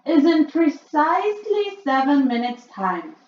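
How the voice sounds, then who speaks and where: A woman's voice: very animated, a little slow, a little hiss or hum. A woman voicing the imperious female witch leader from a storybook in an emphatic, commanding way. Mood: gloating. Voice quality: shrill, loud and emphatic. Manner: read-aloud storybook acting. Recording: muffled, echoey room.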